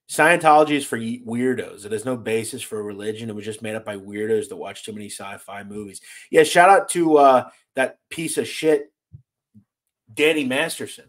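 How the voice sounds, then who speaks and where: An American man hosting a casual livestream, reading chat comments aloud and answering them bluntly, swearing freely and sounding exasperated. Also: mid-range voice. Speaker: host reading live chat.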